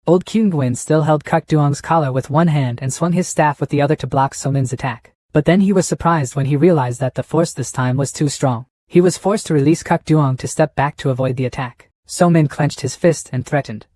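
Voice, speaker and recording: A man reading a scripted story recap in a steady, plain way. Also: on the high side, normal speed, no room sound, studio quality. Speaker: narrator.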